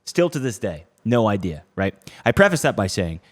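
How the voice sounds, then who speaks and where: A young adult man hosting a podcast, telling a story in an animated, casual way, cursing now and then and checking in with "okay?". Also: lowish voice, moderate pace. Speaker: podcast host.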